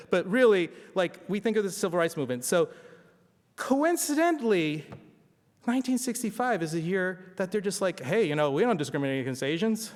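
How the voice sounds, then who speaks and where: A man giving a conversational history lecture at a symposium, often asking the audience rhetorical questions. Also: fairly high pitch. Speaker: symposium speaker. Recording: long hall reverb.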